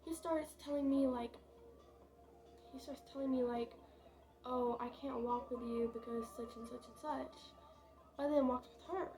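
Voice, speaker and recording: A woman's voice: sits high, fairly even intonation, unhurried, pauses often, dark tone, soft background music, poor audio. A young woman vlogger telling a casual storytime, chatty and dramatic, with lots of fillers and swearing.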